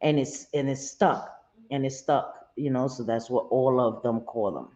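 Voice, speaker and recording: A woman's voice: very deep voice, moderate pace, mellow, dull audio. A middle-aged woman hosting a casual live chat, talking in a loose, chatty way and often laughing. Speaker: livestream host.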